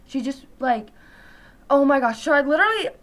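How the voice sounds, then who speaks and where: A woman's voice: high-pitched, expressive, normal speed, a bit bright. A teenage girl chatting casually in a vlog, rambling and peppering her talk with "like". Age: teens. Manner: rambling, full of "like" fillers. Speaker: vlogger.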